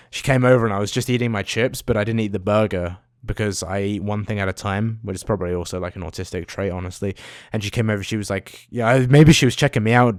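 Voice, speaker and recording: A young man rants to his camera in a rambling, foul-mouthed, self-mocking way. His voice sits a little low. The sound is dry and close. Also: a little mellow, clear, resonant tone, dry recording. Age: young adult. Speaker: vlogger. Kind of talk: casual rant to camera.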